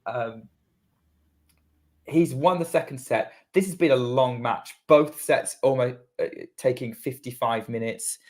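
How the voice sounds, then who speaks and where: British man calling tennis play-by-play. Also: mid-range voice. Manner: running play-by-play, quickens during rallies. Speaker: podcast co-host doing live commentary. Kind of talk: casual live watchalong commentary.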